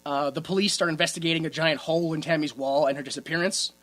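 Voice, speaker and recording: A woman's voice: deep voice, fairly even intonation, fast talker. A woman co-hosting a casual movie-riffing podcast, talking with exaggerated indignation, swearing and laughing often. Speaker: podcast co-host.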